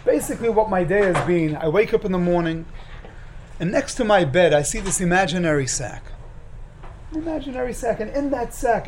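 High-voiced man giving an animated sermon. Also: a little hiss or hum, rough recording. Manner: animated, acts out dialogue, repeats phrases for emphasis. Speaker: rabbi. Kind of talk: sermon with storytelling.

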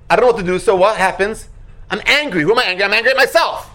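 A religious teacher giving an animated Torah lecture, acting out quotes and sound effects and asking rhetorical questions. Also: medium pitch, rapid-fire.

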